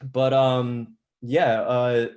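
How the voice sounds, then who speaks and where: A man's voice: mid-range voice, level tone, extremely slow, a little mellow. A young adult man actor on a press panel, telling stories with restarts and chuckles. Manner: storytelling, repeats words, chuckles. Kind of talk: virtual press conference answer.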